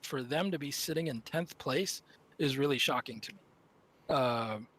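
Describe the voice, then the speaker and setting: A man's voice: mid-range voice, a little slow, a bit bright. A man commentating a live esports tournament stream, analysing teams in a rambling, self-correcting way.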